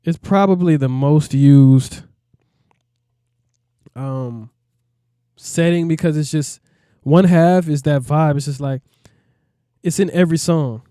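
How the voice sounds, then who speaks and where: A music producer walks through a plugin in a casual, laid-back tutorial, rambling and often asking "you know what I mean." His voice is on the high side, slow, dark, and smooth, with long pauses and clean, echo-free studio sound.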